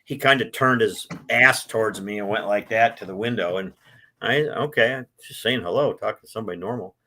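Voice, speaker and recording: A man in his sixties, a book author, telling his life story in an interview, with an animated delivery that swells when he is moved. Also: fairly low pitch, a little fast. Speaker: author guest.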